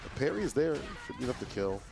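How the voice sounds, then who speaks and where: A man co-hosting a fighting game watch party in a laid-back, slangy way, with animated reactions. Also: mid-range voice, rapid-fire, vocal fry. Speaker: co-host commentator. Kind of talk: casual fighting game co-commentary. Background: music.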